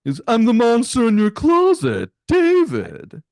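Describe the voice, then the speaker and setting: A man voicing a monster in a closet, speaking in a shrill, eerie singsong. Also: huge pitch swings, measured pace, creaky, darkish tone, dry recording, clean studio sound, exaggerated voice. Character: high-voiced male monster in the closet.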